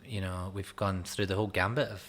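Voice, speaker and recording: A man's voice: deep voice, fairly even intonation, a little fast, a bit bright. A man with a Scottish accent, a podcast guest in casual chat, laid-back and self-mocking, laughing often. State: sweating.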